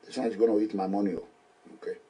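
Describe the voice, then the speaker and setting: A man's voice: on the low side, little pitch movement, racing, mellow, slightly rough. A Nigerian man hosting a call-in show, questioning a caller firmly and cutting in often. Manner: probing, talks over the caller. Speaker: host. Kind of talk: phone-in radio show.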